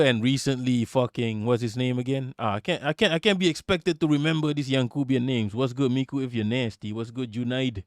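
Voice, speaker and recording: A man's voice: mid-range voice, dry recording, clean studio sound. A young man hosting a live political commentary stream, heated and profane, often stumbling over and restarting his words.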